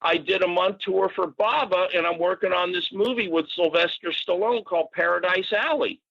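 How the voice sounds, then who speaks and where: A man's voice: high-pitched, normal speed, gravelly, slightly rough, pitched above the performer's own voice, full character voice. A man voicing an old wrestler friend in a story, talking in a casual, salty pal manner. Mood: easygoing. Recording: dull dry podcast audio.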